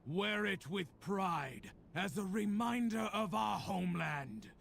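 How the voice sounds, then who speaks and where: A woman's voice: medium pitch, expressive, slow pace, creaky, a little hiss or hum, full character voice. A woman voicing a proud, stern female orc overlord in a video game, making commanding ceremonial proclamations. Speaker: game character.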